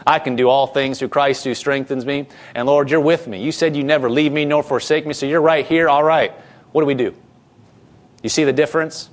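A man's voice: mid-range voice, steady tone, brisk. A man pastor preaching a sermon in a conversational way, repeating key phrases and restarting sentences as he talks.

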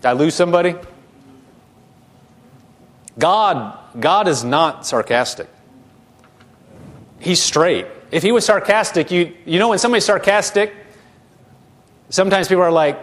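A man's voice: fairly high pitch, normal speed, long pauses. A male pastor preaching a sermon, asking his congregation questions and repeating words as he goes.

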